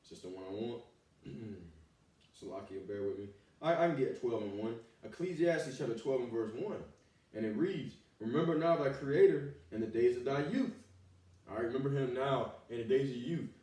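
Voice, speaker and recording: A man's voice: mid-range voice, expressive, normal speed, dark tone. Fiery preacher man, distant echoey sound. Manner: preaching, with profanity and repeated "all right" and "man". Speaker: street preacher. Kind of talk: fiery scripture sermon. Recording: echoey, from far off the mic.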